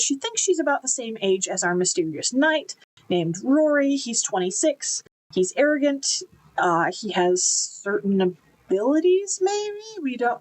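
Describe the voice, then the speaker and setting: A woman's voice: on the high side, poor audio. A woman giving an enthusiastic, chatty book review, with casual fillers and restarts.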